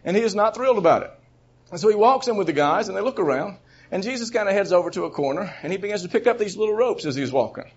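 A man preaching a sermon, an animated storyteller who chuckles between points and swings from quiet asides to loud bursts. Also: high-pitched, fast, breathy edge. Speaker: preacher teaching a Bible session. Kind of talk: sermon teaching. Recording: dull lo-fi recording.

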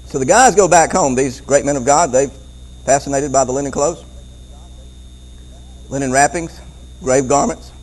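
A man preaching a Bible-teaching sermon, animated, often repeating words and chuckling as he goes. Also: medium pitch, normal speed, pauses often, poor audio.

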